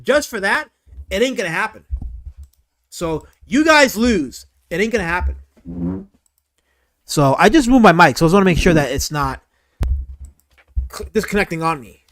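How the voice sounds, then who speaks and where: An excitable man hosts a casual livestream and rambles his way through commentary. His voice sits high and swings widely in pitch, and he reacts to chat with quick exclamations and swearing. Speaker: livestream host.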